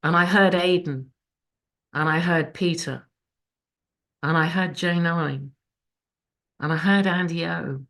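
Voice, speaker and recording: Woman, lowish voice, raw emotional recovery share, swears, video call. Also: slow pace, long pauses, fairly bright tone. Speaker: speaker sharing her recovery story. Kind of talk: personal testimony at a support meeting.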